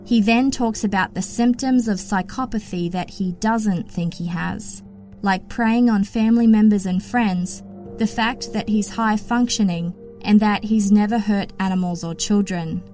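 A woman's voice: mid-range voice, measured pace, darkish tone, faint music behind. Matter-of-fact woman narrating true crime. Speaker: podcast host.

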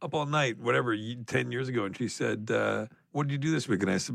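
A man's voice: mid-range voice, fast, vocal fry, hardly any pauses, fairly bright tone, dry recording. A man co-hosting a podcast, telling a rambling story in casual chat with frequent laughs. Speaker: podcast co-host.

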